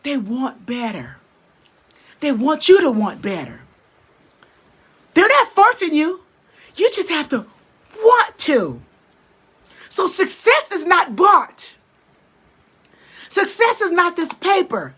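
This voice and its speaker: Emphatic preachy woman, high lively voice. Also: slow pace, long pauses. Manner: emphatic, repetitive, emotional, preacher-like. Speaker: online motivational speaker. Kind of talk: preachy motivational talk.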